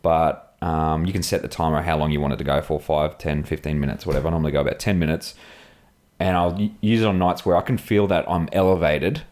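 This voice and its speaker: A man's voice: extremely low pitch, steady tone, quick pace, a little mellow. An Australian man co-hosting a podcast, telling casual stories full of swearing and laughter. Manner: swearing storyteller, laughs often. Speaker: podcast co-host. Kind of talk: casual chat.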